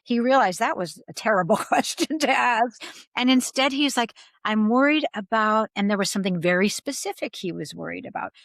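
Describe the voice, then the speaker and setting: A woman leadership consultant speaking as a guest in a podcast interview, calm and reflective, sometimes acting out quoted reactions. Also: on the high side, a little fast, vocal fry, no room sound.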